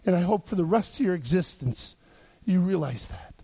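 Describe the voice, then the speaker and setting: A man's voice: high voice, animated, moderate pace, gravelly, mellow, slightly rough, heavily acted. A man voicing a suspicious, blunt farmer, scolding in a scornful tone.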